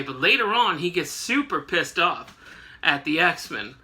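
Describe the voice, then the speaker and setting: A man's voice: on the high side, very animated, unhurried, gravelly, pushed and bright. A man hosting a casual comic book recap, rambling and joking with lots of fillers. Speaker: host.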